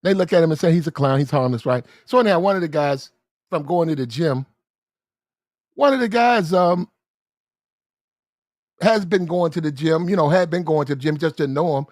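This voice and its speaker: Male storyteller with a high voice and a dry, close sound; casual and animated, acts out the people in his story. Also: quick pace, dry recording. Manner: animated, acts out the characters in the story, clears throat often.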